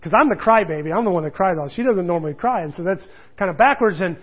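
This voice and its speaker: A male pastor preaching a sermon in a rambling, animated storytelling way, full of restarts. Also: high voice, quick pace, husky. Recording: muffled lo-fi recording.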